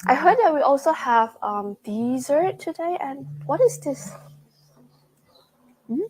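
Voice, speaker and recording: A young woman with a slightly high voice hosts a live travel stream from a restaurant table, chatty and easily excited as she tastes each dish. A faint ambient hiss sits under her voice. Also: unhurried, rough recording. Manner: chatty and excitable, with frequent gasps and laughs. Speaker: travel show host. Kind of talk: live-streamed travel vlog, tasting food on camera. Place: indoors at a restaurant.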